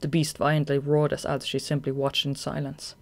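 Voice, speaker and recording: Brief: steady fan-audiobook narrator, plain mid-pitched reading. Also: brisk.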